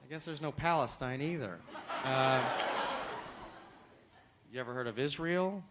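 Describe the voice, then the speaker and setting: A man from the United States performing a stand-up comedy set, with punchy delivery that climbs to shouts on punchlines, recorded live on a handheld mic. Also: mid-range voice, unhurried, pauses often, very noisy. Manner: punchy, acts out voices and rises to shouting on punchlines. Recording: live club, loud crowd and laughter.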